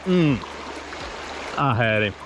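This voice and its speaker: A fishing channel host chats in an easygoing way while wading and casting in a mountain creek, giving casual outdoor vlog commentary. His mid-range voice is animated and slow, with the highs cut off, and the field recording picks up insect noise.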